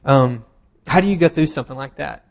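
Male preacher, mid-pitched, chatty sermon delivery, dry self-deprecating humor, lots of ums. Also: fairly quick, gravelly. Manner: casual and self-deprecating, with humorous asides and frequent fillers. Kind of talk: conversational sermon.

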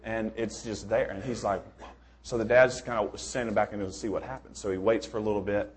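A man's voice: on the low side, fairly even intonation, brisk, background noise. Male preacher, casual sermon, rambling, self-correcting, joking. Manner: informal, rambling, many restarts, joking.

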